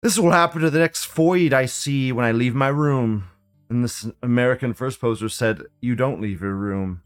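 A man hosting a live show, reading forum posts aloud and reacting in an excitable, profane, rambling way. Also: mid-range voice, normal speed, clean tone. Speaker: livestream host.

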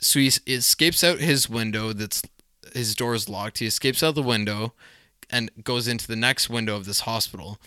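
A man with a very bright, smooth voice talks through favorite film scenes in loose podcast chat. He rambles a little, filling gaps with likes and ums, and the sound is close and dry. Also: medium pitch, normal speed, dry recording. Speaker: podcast co-host. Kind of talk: casual film discussion.

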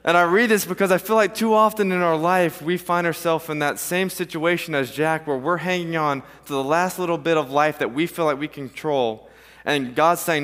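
A man's voice: a little high, a little fast, fairly bright tone. A man preaching a sermon to a congregation, reading scripture and telling a story. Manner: storytelling, acts out voices in an anecdote. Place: church sanctuary. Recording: long reverb of a large hall.

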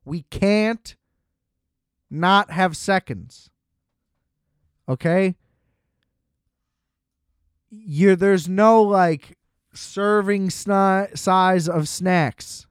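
A man's voice: high-pitched, very slow, pauses often, smooth, no echo, studio quality. A young man hosting a podcast, talking in a laid-back, rambling way with joking, self-mocking asides. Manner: laid-back, lackadaisical delivery. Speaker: podcast host. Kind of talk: casual comedic rant.

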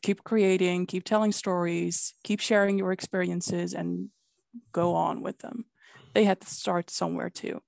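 A woman from the Netherlands speaks as a podcast guest, with a gravelly edge to her lowish voice. The sound is dry and close, and she talks in a reflective, earnest way. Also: little pitch movement, measured pace, a little mellow, no echo. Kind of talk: casual podcast chat.

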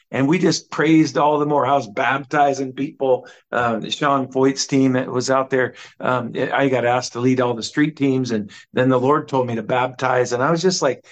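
A man's voice: medium pitch, lo-fi sound. Man, mid-range voice, fervent preacher type giving an earnest interview testimony. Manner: earnest, fervent storytelling with fillers. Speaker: guest minister.

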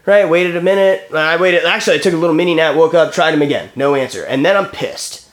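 A man's voice: on the high side, fast. A man in his thirties telling a story in casual chat, acting out phone calls and swearing freely. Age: 30s.

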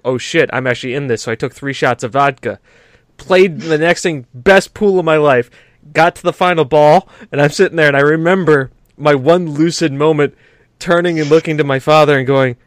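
Brief: male podcast co-host, raised pitch, rambling and profane, laughs a lot. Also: a little fast, no room sound, clean studio sound. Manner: rambling storyteller, swears freely, laughs often. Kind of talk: casual chat.

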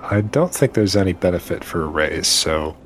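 A man playing a tabletop role-playing game, talking through his character's actions in a measured way. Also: low voice, animated, faint music behind. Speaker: player. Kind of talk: tabletop role-play session.

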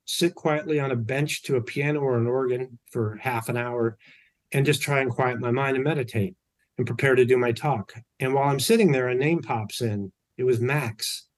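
Man, interview guest, relaxed anecdotal storytelling, mid-range voice, self-corrections. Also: mid-range voice. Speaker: podcast guest.

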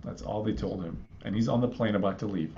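A man in his thirties from Iraq, a guest calmly telling a personal story in a halting way, with many fillers, on a slightly muffled recording. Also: lowish voice, gravelly, a little hiss or hum. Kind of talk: conversational storytelling. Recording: slightly dull, muffled audio.

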